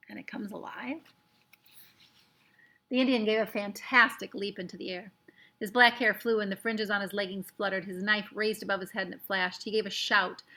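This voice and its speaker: A woman reading a children's book aloud with expressive, lively narration. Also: mid-range voice, vocal fry. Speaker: storyteller.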